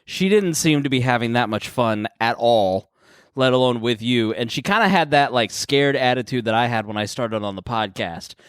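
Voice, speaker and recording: A man's voice: mid-range voice, expressive, normal speed, fairly bright tone, clear, resonant tone, no echo, clean studio sound. A man co-hosting a comedy podcast, giggly and rambling in casual chat. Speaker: podcast co-host.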